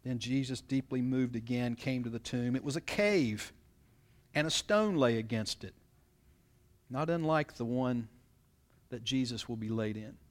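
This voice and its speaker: A pastor delivers a sermon in a mid-range, expressive voice, a little slow and with frequent pauses. He reads scripture aloud and then explains it, often turning to the congregation with rhetorical questions.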